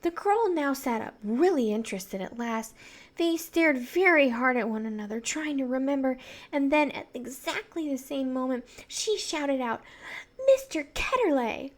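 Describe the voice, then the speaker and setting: Woman, fairly high voice, soft-spoken, reading a novel aloud. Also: animated, moderate pace. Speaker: reader.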